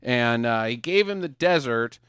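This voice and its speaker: A man's voice: medium pitch, expressive, a little slow, a bit bright, clean tone, no room sound, studio quality. A man hosting a podcast, joking crudely while riffing on a bad movie with friends. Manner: joking, crude, slips into silly voices. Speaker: podcast host.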